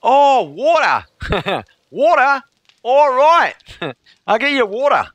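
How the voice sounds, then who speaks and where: Brief: a chirpy, apologetic young waitress from down under, as a man puts her on, high and bright, bouncing all over, close and dry. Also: sing-song, extremely slow, dry recording, heavily acted. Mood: cheery. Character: friendly young Australian waitress woman, apologetic.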